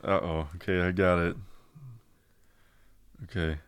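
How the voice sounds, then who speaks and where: A man's voice: low-pitched, level tone, unhurried, clean tone, no room sound. Laughing, unsure man co-hosting. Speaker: podcast co-host. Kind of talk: casual chat.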